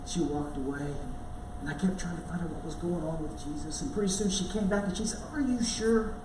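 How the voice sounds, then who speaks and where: A man giving a dramatic first-person Bible monologue in church, halting and repeating words as he tells the story. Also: fairly high pitch, noisy background. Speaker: church speaker. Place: church sanctuary. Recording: echoey room, voice from far off.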